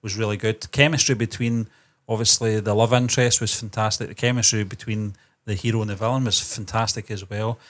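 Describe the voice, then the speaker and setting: A man's voice: lowish voice, fairly even intonation, a little fast, a bit bright. Man giving rambling, thoughtful film opinions. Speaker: co-host of a movie review channel. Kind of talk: casual review chat.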